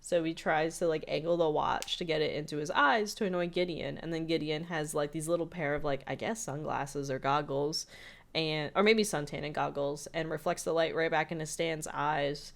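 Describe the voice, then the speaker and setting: A woman's voice: low-pitched, steady tone, normal speed, gravelly. A woman co-hosting a podcast, chatting casually through an episode recap with lots of "like" fillers. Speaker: podcast co-host.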